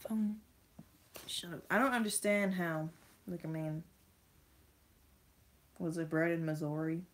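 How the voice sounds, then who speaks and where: Young woman, low voice, chatty rambling unboxing vlog, reads text aloud. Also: vocal fry, a little hiss or hum. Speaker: vlogger. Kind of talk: casual unboxing chat.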